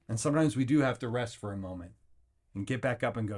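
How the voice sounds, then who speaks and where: A man's voice: medium pitch, fast talker. Rambling, fired-up male podcast host. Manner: energetic, rambling, acts out quotes in jumpy voices; filler-heavy, with frequent restarts. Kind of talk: motivational rant.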